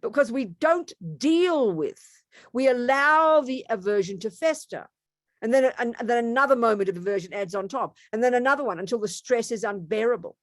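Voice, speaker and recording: A woman's voice: moderate pace, dry recording, clean studio sound. A woman, a Buddhist nun, giving an emphatic, conversational dharma talk full of rhetorical questions. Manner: emphatic, animated, wide swings in pitch and loudness; conversational, repeats herself and asks rhetorical questions.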